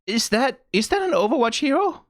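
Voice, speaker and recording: A man from Denmark hosting a casual reaction video, animated and exclaiming, swearing now and then and laughing. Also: very high voice, a little fast, dry recording, studio quality.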